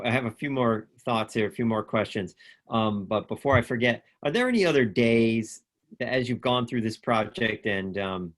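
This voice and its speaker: A man interviewing an artist in a virtual talk, asking long questions with pauses and restarts. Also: lowish voice. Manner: halting, many fillers and restarts. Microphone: computer mic on video call.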